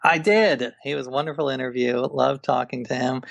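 A man's voice: medium pitch, level tone, fast talker, gravelly, no room sound, lo-fi sound. A man, an author and guest, talking in a casual interview, telling stories with enthusiasm and frequent restarts.

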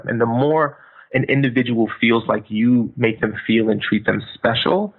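A man's voice: lowish voice, vocal fry. A man speaking as a podcast guest, giving emphatic motivational advice and acting out phone greetings. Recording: tinny phone line.

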